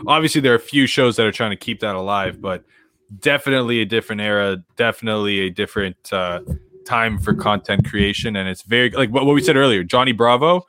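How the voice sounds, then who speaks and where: A man speaks in a measured, thoughtful way during a casual chat. His voice is bright and forceful, and it sounds dry and close with no room sound around it. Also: on the low side, no room sound.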